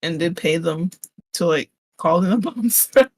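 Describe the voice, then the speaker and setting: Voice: medium pitch, lively intonation, measured pace, low-quality recording. Storytelling co-streamer with laughs. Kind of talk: casual stream chat.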